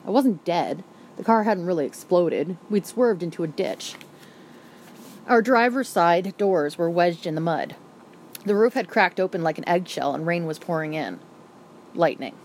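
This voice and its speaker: A woman narrating a first-person novel aloud as an audiobook reader, with brisk and vivid storytelling. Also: on the low side, a little hiss or hum.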